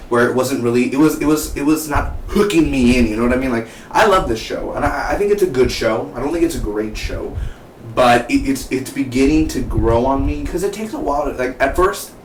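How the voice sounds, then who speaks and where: A young man talks through an episode review in a loose, rambling way, restarting his sentences often. He sits well back from the microphone in an echoey room, with a faint hiss underneath. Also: medium pitch. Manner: rambling, chatty, many restarts. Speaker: TV show reviewer. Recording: roomy, distant mic, faint hiss.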